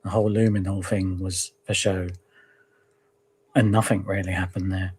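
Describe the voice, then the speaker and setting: A man joining a casual true crime discussion, thinking out loud and speculating. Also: sits low, flat delivery, normal speed, slightly rough.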